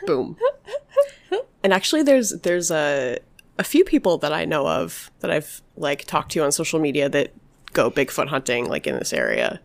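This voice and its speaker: A woman's voice: low voice, wildly swooping pitch, moderate pace, gravelly. A woman hosting a casual podcast, telling paranormal stories in a rambling way, full of "like" and "obviously". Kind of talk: casual storytelling chat.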